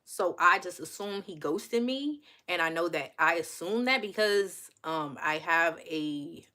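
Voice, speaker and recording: A young woman telling a personal story in a casual, confessional way, laughing often and jumping into high, exclaiming voices when she quotes herself. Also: a little slow. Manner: animated, laughs often, says girl and honey, jumps into high exclaiming quotes. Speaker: vlogger and podcast host.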